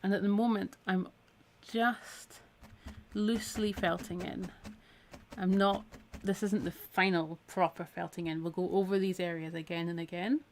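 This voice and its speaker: Her fairly low, steady voice moves a little slowly over slight background noise as this Scottish woman runs a live-streamed needle felting session. She chats and encourages while working, sounding somewhat tired from a week of talking.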